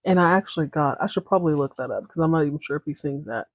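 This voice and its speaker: A woman's voice: low-pitched, very fast, no room sound, muffled recording. A woman hosting a casual podcast, giving a chatty, playful and dramatic retelling full of asides. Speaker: podcast host.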